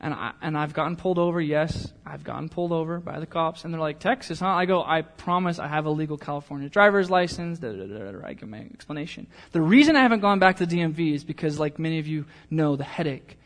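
Preaching a sermon, a male pastor blends a casual, joking story with a softer, earnest appeal to his congregation. His voice is fairly high, and he talks fast with few pauses.

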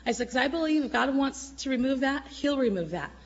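A middle-aged woman giving an emotional church testimony, at times tearful, swinging between loud exclamations and soft murmurs. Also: high-pitched, expressive, fairly quick, slightly rough, dull audio.

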